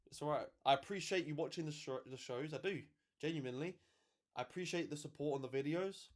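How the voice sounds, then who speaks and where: A man hosts his livestream in casual chat, his voice sitting a little high for a man. He is sarcastic, swears freely, and shrugs off viewers who annoy him. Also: fast. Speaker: livestream host.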